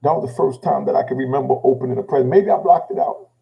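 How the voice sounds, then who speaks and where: A man's voice: fast, muffled recording. An older man from Jamaica telling his own story in a casual, emotional way, often adding "you know what I mean". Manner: gravelly, repeating "you know what I mean" after each thought; drops low and quiet when he quotes himself.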